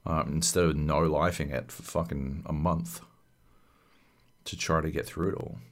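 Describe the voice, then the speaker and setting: A man's voice: extremely low pitch, fairly even intonation, normal speed. A man co-hosting a podcast, giving blunt, sardonic opinions in casual chat with frequent swearing. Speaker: podcast co-host.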